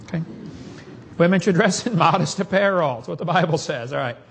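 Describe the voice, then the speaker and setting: A man's voice: on the high side, lively intonation, a little fast, gravelly, slightly rough. A man giving a preaching seminar talk in a folksy, emphatic way, chuckling at his own jokes. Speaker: creationist speaker.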